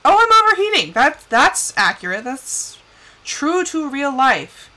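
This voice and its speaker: A young woman giving casual live commentary on a life-sim game, chatty and scolding her characters with bursts of excitement. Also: high-pitched, a little slow, low-quality recording.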